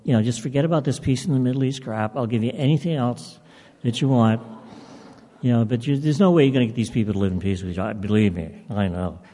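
A man's voice: mid-range voice, warm tone, natural voice. A man voicing a grumpy ancient male genie who is impatient and dismissive. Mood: scoffing. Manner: gruff, dismissive, hurried. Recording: long hall reverb.

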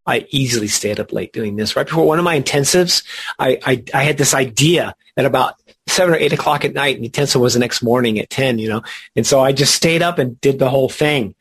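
A man's voice: medium pitch, fast, breathy edge. A man teaching a spiritual study group, earnest and emphatic, drawing out key words, with chatty asides between readings.

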